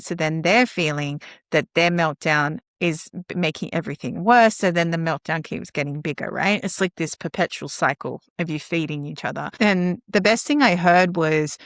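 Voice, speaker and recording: Woman guest in her younger adult years, earnest and lively, recorded dry and close. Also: lowish voice, no room sound. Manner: earnest, animated, laughs often. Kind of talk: conversational storytelling.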